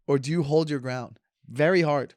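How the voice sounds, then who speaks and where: A man's voice: on the high side, moderate pace, darkish tone, no room sound, studio quality. A man in his thirties hosting a podcast, sarcastic and joking as he wanders from tangent to tangent in casual chat. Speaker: podcast host. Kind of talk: casual rambling monologue.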